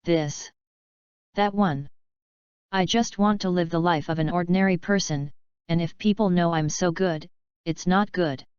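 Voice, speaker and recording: A woman's voice: fairly low pitch, measured pace, pauses often, darkish tone, clean tone, no room sound, highs cut off, natural voice. A woman reading the lines of a flustered teenage schoolboy who hides his powers, in a fanfiction audiobook. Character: teenage boy student hiding secret powers.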